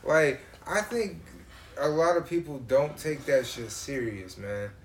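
Brief: male co-host, casual chat, profane and animated storyteller. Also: on the high side, measured pace, roomy sound, slight background noise.

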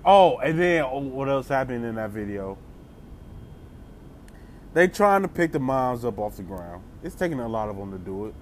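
A man telling a comedic story in a casual, animated way, full of slang and laughing asides. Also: mid-range voice, a little hiss or hum.

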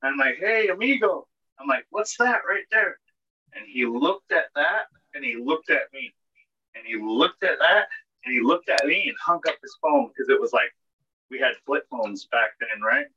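Husky rambling man. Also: mid-range voice, lively intonation, normal speed, pushed and bright. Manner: rambling, heavy filler words, swears. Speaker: podcast co-host. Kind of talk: casual storytelling. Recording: dull lo-fi podcast audio.

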